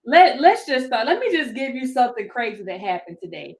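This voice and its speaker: A woman's voice: a little high, big pitch swings, fairly quick. A woman giving a laughing, playful casual commentary to her viewers. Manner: laughing, playful Southern-style slang. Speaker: commentary vlogger.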